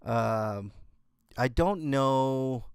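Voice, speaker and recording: A man hosting a casual livestream from home, talking with his viewers in a halting way and often restarting his sentences. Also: medium pitch, clear, resonant tone, no room sound, studio quality. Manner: halting, restarts and repeats words. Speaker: livestream host. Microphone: computer setup.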